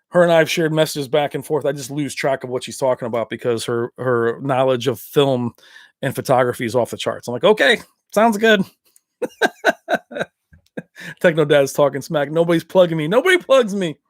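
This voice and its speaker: A man's voice: fairly high pitch, no echo, studio quality. A man hosting a casual livestream chat, rambling from point to point and laughing often. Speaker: livestream host.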